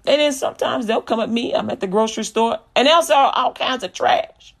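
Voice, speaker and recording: A middle-aged woman, a comedian, giving a lively testimony-style talk about her faith, acting out dialogue and repeating lines for emphasis. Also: on the high side, fairly quick. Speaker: comedian and Christian speaker. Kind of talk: testimony-style preaching with comic storytelling.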